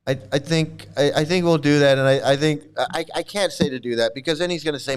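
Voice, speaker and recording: A man hosts a loose livestream chat with a slightly raised pitch and a smooth, clear voice. He rambles, stammers and repeats himself, mocks as he goes, and breaks into laughter often. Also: brisk, few pauses. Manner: mocking. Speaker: channel host.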